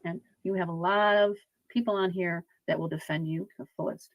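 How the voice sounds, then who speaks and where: Medium in a clip, soft soothing repetitive talk, mid pitch, dry close sound. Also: fairly even intonation, fairly quick, no echo, muffled recording. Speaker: self-styled spirit medium.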